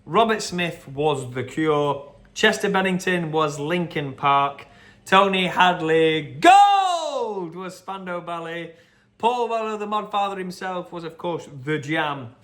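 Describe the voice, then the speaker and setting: A man's voice: sits high, lively intonation, fairly bright tone. A man hosting a quiz, going over the answers in a chatty, rambling way with lots of fillers. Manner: chatty and rambling, with fillers and quick quote impressions. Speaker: quiz host. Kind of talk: casual quiz answer run-through.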